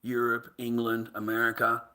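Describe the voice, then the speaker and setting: A man's voice: medium pitch, moderate pace. An Australian man rambling through an anecdote, swearing freely and calling the listener "mate" often. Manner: profane, excitable storyteller who says "mate" a lot. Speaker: vlogger.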